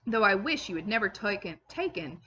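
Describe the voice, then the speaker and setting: A woman's voice: mid-range voice, sing-song, a little fast, dull audio, slight background noise. A woman reading aloud and voicing an outspoken, fussy older Englishwoman, a loyal servant who speaks emphatically and scolds freely. She sounds like a teacher reading a classic novel to a class. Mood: emphatic. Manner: emphatic and loud, scolding and opinionated.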